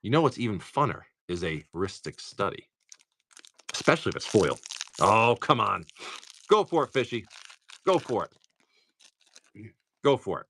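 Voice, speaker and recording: A man with a Massachusetts accent hosting a live stream, opening card packs and rattling off each card in quick lists with joking asides. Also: lowish voice, big pitch swings, fairly bright tone, slight background noise. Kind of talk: casual live commentary.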